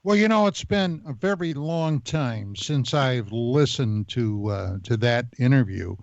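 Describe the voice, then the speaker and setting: A man's voice: medium pitch, expressive, unhurried, gravelly, dry recording. A man hosting a podcast, talking in an easygoing, hesitant way. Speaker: podcast host. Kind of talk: conversational podcast talk. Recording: dull lo-fi sound.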